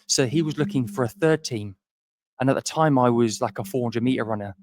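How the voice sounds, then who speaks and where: A man's voice: medium pitch, fairly quick, darkish tone, no echo, studio quality. Rambling male podcast co-host. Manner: rambling, self-deprecating storyteller with many restarts. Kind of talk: casual storytelling chat.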